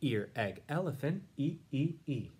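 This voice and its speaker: A man teaching young listeners, reading a rhyming picture book aloud and explaining it in a gentle, encouraging way. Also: medium pitch, animated, a little slow. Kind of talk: read-aloud lesson.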